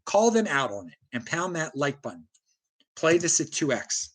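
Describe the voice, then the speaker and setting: A man's voice: a little high, sing-song, moderate pace, fairly bright tone. An American man hosting a solo livestream, ranting with strong opinions and reading chat comments aloud. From United States. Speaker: livestream host.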